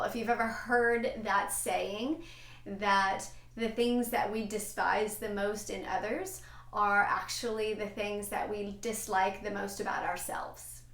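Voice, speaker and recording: A woman's voice: fairly high pitch, a bit bright, roomy sound. A woman answering a viewer's question in a casual, chatty way, with fillers and light laughs as she explains.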